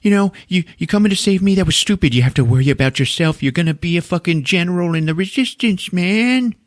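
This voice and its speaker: A furious, hard-edged mother snaps at her son and swears in nearly every line, as a man voices her. The voice is pushed well above his usual pitch and comes out loud and clipped. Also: lively intonation, fast, no room sound, studio quality. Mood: angry scolding. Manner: profane, snapping, scolding.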